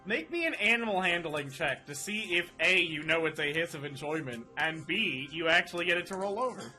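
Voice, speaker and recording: Man, dungeon master, high and bright, animated and exclamatory. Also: fairly quick, faint music behind. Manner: animated, laughs often, exclaims. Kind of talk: running a tabletop game, casual.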